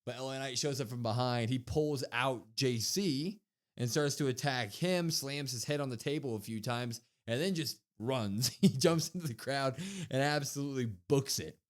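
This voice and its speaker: A young man co-hosting a podcast, recapping a wrestling episode in casual chat and acting out what the wrestlers said. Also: mid-range voice. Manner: animated storytelling, acting out quotes. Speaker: podcast co-host.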